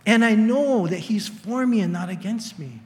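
An older male pastor preaching an animated sermon, jumping into high strained voices to act out quoted people. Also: moderate pace, big-room sound.

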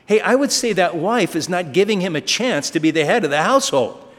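Animated and a little fast, a man with a high, fairly bright voice preaches as pastor. His sermon unfolds through conversational stories and rhetorical questions, heard amid the long reverb of a large hall.

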